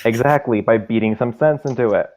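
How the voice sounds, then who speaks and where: A man playing a tabletop game, excitable, often restarting his sentences. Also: medium pitch, fairly quick. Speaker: player. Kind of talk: casual tabletop play. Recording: phone-like thin audio.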